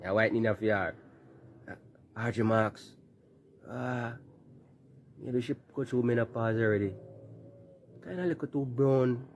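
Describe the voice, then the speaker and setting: A man's voice: mid-range voice, a little slow, long pauses, slight background noise. A man with a Jamaican accent giving mocking, laughing political commentary in patois.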